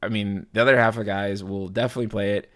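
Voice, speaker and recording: Rambling, lower-voiced male streamer. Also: fairly even intonation, fast, a bit bright. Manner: rambling, restarts often, fillers and stutters; casual, swears, talks to chat. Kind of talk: live stream chat.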